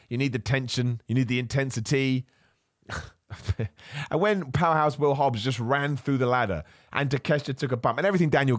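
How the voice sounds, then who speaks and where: Podcast guy ranting and laughing, got a cough, middle pitch, dry close sound. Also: no echo. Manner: animated ranting, laughs often. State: has a cough. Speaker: podcast host. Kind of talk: casual chat.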